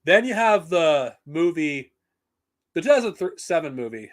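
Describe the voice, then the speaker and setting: A man's voice: a little high, very animated, unhurried. A man talking casually on a live stream, blunt and profane, rambling with frequent restarts. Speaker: streamer reviewing comics and films.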